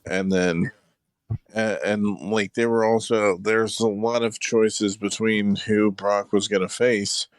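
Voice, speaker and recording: A man's voice: on the low side, flat delivery, slow, smooth, dry recording. A man co-hosting a podcast in casual chat, rambling with lots of fillers and acted-out asides. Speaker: podcast co-host.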